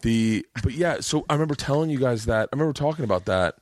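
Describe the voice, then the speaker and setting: A man's voice: mid-range voice, fast, no echo, clean studio sound. A man hosting a podcast in casual chat, telling anecdotes with lots of swearing and putting on voices for the people in his stories. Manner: animated storyteller, swears freely, puts on voices in anecdotes. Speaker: podcast host.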